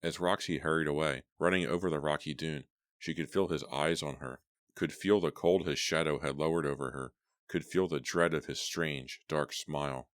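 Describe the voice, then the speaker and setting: Deep-voiced guy reading a scary audiobook, steady, dry close sound. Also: moderate pace, no room sound. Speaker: audiobook narrator. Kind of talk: scripted horror novel narration.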